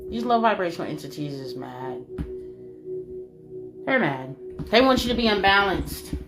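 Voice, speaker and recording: A woman's voice: lowish voice, very animated, normal speed. Emphatic woman over background music. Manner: emphatic, repetitive, swings loud and soft, laughs often. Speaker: spiritual reader. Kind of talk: spiritual channeling monologue. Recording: music playing behind.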